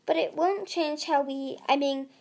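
A woman's voice: high voice, measured pace, creaky, a little mellow, voice pushed up. A woman reading the part of a know-it-all young male dragon. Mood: lecturing.

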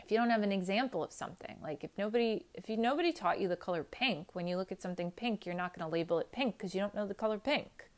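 Woman, candid solo talk: blunt, emphatic, casual swearing, animated storytelling with voiced quotes, mid pitch. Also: fast talker, hardly any pauses. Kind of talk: candid personal monologue.

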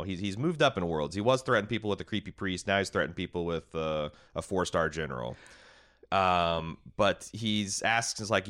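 A man's voice: sits low, fairly bright tone, clean tone. A man hosting a casual TV recap, rambling and paraphrasing characters with many fillers.

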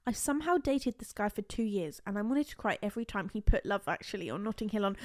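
A young woman co-hosting a podcast, chatty, giggly and excitable in casual talk. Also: mid-range voice, quick pace, hardly any pauses. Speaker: podcast co-host. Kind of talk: casual chat.

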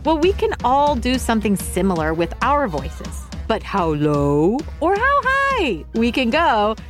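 A woman's voice: a little high, huge pitch swings, a little slow, soft background music. Upbeat lady teaching kids to sing, voice bounces all over, cheery to the folks at home. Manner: encouraging, talks to viewers at home. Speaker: music lesson host. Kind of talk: upbeat kids' music lesson.

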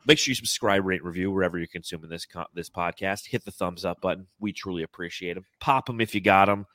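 A man's voice: deep voice, fast, fairly bright tone, no echo. A man hosting a sports podcast, talking casually and at length about a basketball team. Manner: conversational, rambling sports talk. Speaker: podcast host.

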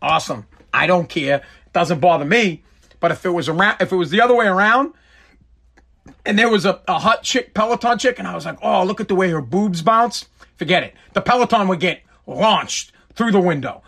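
High-voiced male podcast host, casual rambling rant, lots of swearing and repeats. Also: brisk, bright, forceful tone. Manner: rambling, profane, repetitive. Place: home basement.

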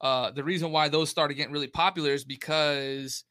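A young man in relaxed podcast chat, his voice slightly high and bright with a forward edge. He rambles in loose, profane slang, and the sound is dry and close with no room around it. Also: brisk, no echo. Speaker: podcast co-host. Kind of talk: casual chat.

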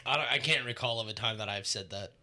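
A man's voice: medium pitch, fast talker, pushed and bright. A man co-hosting a podcast, telling laid-back, profane stories in casual chat. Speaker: podcast co-host.

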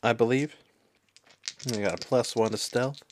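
A man's voice: mid-range voice, steady tone, normal speed. A man playing a tabletop game, joking wryly about his bad dice rolls. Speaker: player. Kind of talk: casual tabletop play.

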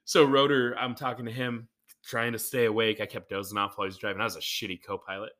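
A man co-hosting a casual podcast chat, telling animated stories and acting out what people said. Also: fairly low pitch, fast talker. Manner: animated storyteller who acts out quotes. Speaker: podcast co-host.

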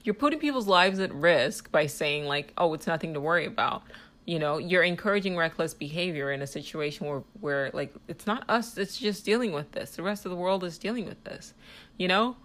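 A woman's voice: on the low side, animated, brisk, fairly bright tone. Heated woman ranting on her podcast. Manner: heated, rambling with frequent "like" fillers. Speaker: podcast host. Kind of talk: casual monologue.

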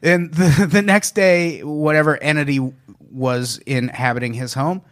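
Here a male podcast host reads creepy stories and kids around with his pals in a relaxed setting. He narrates with plenty of pitch movement and is quick to break into laughter.

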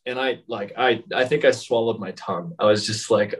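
A man's voice: fairly low pitch, a little fast, few pauses, breathy edge, rough recording. A man telling a story in casual chat, rambling with many fillers and frequent laughs.

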